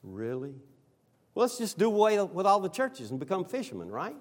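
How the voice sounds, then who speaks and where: A middle-aged man, a pastor, preaching a sermon with animated delivery, swinging from loud exclamations to soft, earnest appeals. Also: high voice, fairly quick.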